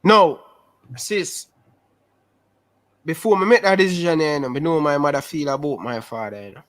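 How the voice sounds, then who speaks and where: A young man with a Jamaican Patois accent, telling his life story in a casual interview over a video call, animated and repetitive. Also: a little high, normal speed. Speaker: interview guest.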